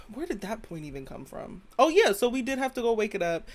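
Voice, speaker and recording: A woman's voice: a little high, very animated, a little fast. Sassy young woman ranting. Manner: sassy and dramatic, keeps calling the listener "girl"; blunt, swears freely. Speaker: podcast host. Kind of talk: casual opinion rant.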